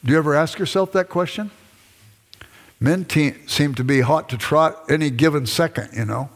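An older man speaks at normal speed in a slightly high voice, giving a conversational class lecture. The speaker is a lecturer who used to be a pastor, and he dramatizes bits of dialogue with his wife as he talks. The recording has a long hall reverb.

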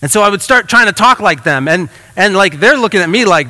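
A man preaches from the pulpit, casual and conversational, his talk full of fillers and restarts. His voice is bright and a little high for a man. The sound carries a long church-hall reverb. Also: lively intonation, fairly quick, hardly any pauses. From United States. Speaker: pastor. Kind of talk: sermon.

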